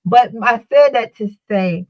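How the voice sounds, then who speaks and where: A woman's voice: a little high, a little slow, lo-fi sound. A woman co-hosting a talk show, telling a story in a loose, rambling way that keeps repeating words and restarting. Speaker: podcast co-host. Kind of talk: casual storytelling chat.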